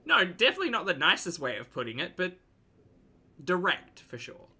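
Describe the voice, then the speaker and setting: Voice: medium pitch, wildly swooping pitch, a little fast, pushed and bright, a little hiss or hum. A reaction commentator making sarcastic, teasing asides about a vlog.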